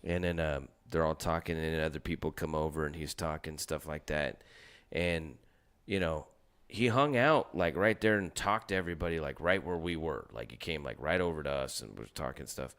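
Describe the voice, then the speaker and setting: A man with a very low, smooth and resonant voice holds forth in a loose podcast chat. He rambles, swears freely and keeps restarting his sentences. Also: moderate pace, few pauses, fairly bright tone. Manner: rambling and profane, with many restarts.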